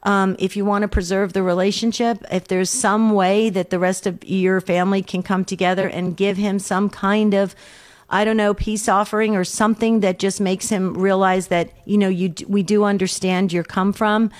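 A middle-aged woman co-hosting a call-in radio show, giving gentle, earnest advice and often repeating words as she thinks aloud. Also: medium pitch, flat delivery, moderate pace. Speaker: radio show co-host and counselor.

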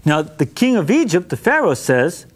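Man, Bible teacher, high voice, very lively pitch, jokey, acts out scenes. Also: normal speed. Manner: animated, acts out dialogue with humor. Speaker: preacher.

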